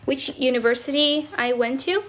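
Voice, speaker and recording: A woman's voice: high-pitched, moderate pace, fairly bright tone. A young woman from China hosting a casual livestream, chatting in English and Chinese, laughing often and thanking viewers for gifts. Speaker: livestream host. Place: indoors, squatting while streaming.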